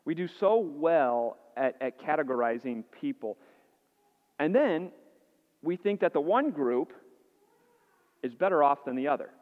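A man's voice: on the high side, animated, unhurried, pauses often. Earnest man preaching in an echoey hall. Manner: earnest, asks the listeners rhetorical questions; repeats words as he restarts phrases. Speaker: pastor. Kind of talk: sermon. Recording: dull, echoey hall sound.

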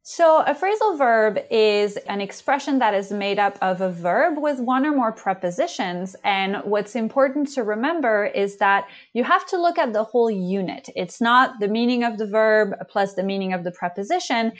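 A woman's voice: mid-range voice, animated, moderate pace, few pauses. A woman co-hosting an English-learning podcast, explaining grammar rules carefully with small hesitations. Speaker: English teacher co-host. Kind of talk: educational podcast chat.

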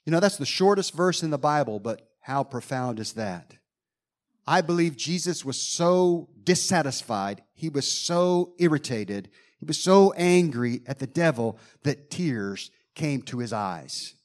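A man's voice: on the high side, animated, measured pace. A man preaching a sermon, reading scripture verses aloud and explaining them with dramatic emphasis, acting out groans and sighs.

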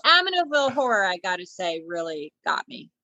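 Lively woman with a bouncy voice. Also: medium pitch, brisk, dry recording, dull audio. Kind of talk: casual chat.

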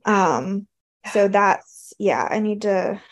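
A woman from the American South, talking through her thoughts in casual conversation. Her pitch is middling, and she pauses and hedges with plenty of ums as she reflects. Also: expressive. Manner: thoughtful, hesitant, many fillers.

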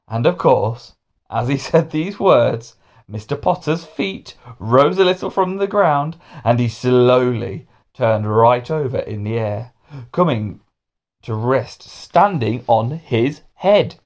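A man reads a children's storybook aloud. His delivery is animated and expressive, with a wide pitch range. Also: slow. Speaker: narrator.

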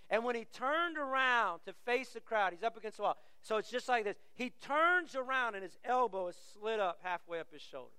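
A man's voice: extremely high pitch, lively intonation, a little fast, hardly any pauses, sharp tone, clear, resonant tone, no echo, in a large hall. A middle-aged man preaching a sermon as pastor, telling stories with animation and acting out the voices he quotes.

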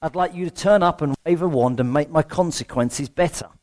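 Male preacher, slightly high voice, chatty sermon delivery with self-mocking asides. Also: fairly quick, a little mellow. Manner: rhetorical questions, self-deprecating humour. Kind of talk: conversational sermon.

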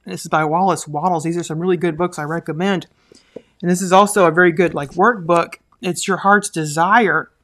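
A woman's voice: on the low side, fairly even intonation, a little fast, a bit bright. Rambling, earnest woman podcaster. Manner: rambling, full of "like" and "you know"; earnest, encouraging. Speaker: podcast host. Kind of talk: casual podcast monologue.

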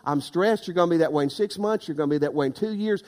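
High-voiced preacher in an echoing hall. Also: male voice, fast talker, few pauses. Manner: impassioned, rising to loud emphatic preaching. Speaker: pastor. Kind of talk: sermon.

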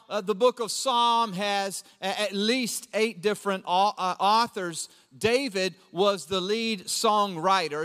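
A middle-aged man preaching a sermon as pastor, lively and conversational, acting out quotes with a raised voice. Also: sits high, clear, resonant tone. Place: church auditorium. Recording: long reverb of a large hall.

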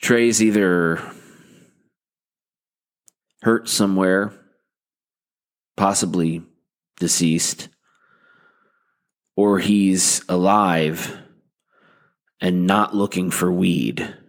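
A man hosting a comedy podcast, talking in a halting, deadpan way with many fillers and restarts. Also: low voice. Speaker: podcast host. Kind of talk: rambling comic podcast talk.

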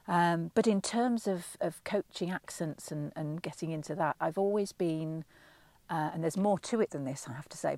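A middle-aged woman from England speaks as a vocal coach being interviewed, explaining her work at an unhurried, thoughtful pace with plenty of ums and restarts. Her voice sits low and carries a gravelly fry. The sound is close and dry. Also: darkish tone, no echo. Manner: thoughtful and explanatory, with frequent ums and self-corrections. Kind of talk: relaxed interview answers.

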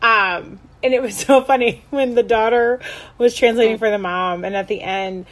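A woman's voice: fairly high pitch, normal speed. A young adult woman co-hosting a podcast, gushing and laughing often, full of "like" fillers. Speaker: podcast co-host. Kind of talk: casual chat.

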